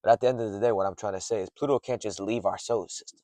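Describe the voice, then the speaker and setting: Young dude yapping late at night in his car, low voice, cusses a lot, keeps losing his train of thought. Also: fairly even intonation, racing, warm tone, dry recording. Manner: rambling, swears often, drifts off topic. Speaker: streamer rambling to camera. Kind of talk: rambling late-night monologue. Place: parked car in a garage.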